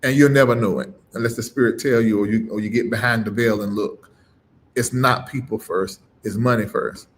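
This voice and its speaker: A man's voice: steady tone, normal speed, a little hiss or hum. Emphatic preaching man. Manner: emphatic, swings between loud punches and low murmurs; repeats phrases with a rising preacher cadence. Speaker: preacher and livestream host. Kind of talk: preaching on a live stream.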